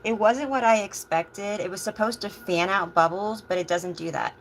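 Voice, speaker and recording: A woman's voice: mid-range voice, moderate pace, a little hiss or hum, rough recording. Chatty woman on a livestream. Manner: chatty and meandering, with soft asides. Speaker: tarot reader. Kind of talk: casual livestream chat.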